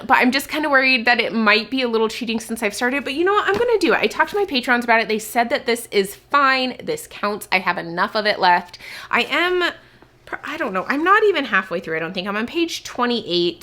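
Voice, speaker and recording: A woman's voice: a little high, lively intonation, a little fast, pushed and bright. Chatty young woman vlogger, a bit sick. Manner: chatty, thinking aloud, lots of "like" fillers. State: sick, with a cough. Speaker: book vlogger. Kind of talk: casual chat to camera.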